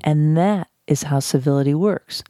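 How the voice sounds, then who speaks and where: Woman, low voice, mellow tone, measured reflective talk, pauses and repeats for emphasis. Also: no room sound, studio quality. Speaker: speaker on conflict de-escalation. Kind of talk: talk on civility.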